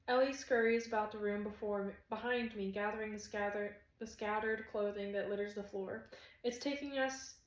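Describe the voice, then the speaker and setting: A woman's voice: mid-range voice, reverberant, poor audio. A woman reading a romance fantasy audiobook in the first person, earnest and emotional. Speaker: audiobook narrator.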